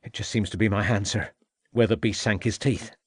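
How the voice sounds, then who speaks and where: A man's voice: lowish voice, fairly even intonation, brisk, breathy edge, no room sound, studio quality. A man voicing a loyal, plain-spoken police constable who keeps addressing his superior as sir. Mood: shaken, wry. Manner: deferential, says sir often.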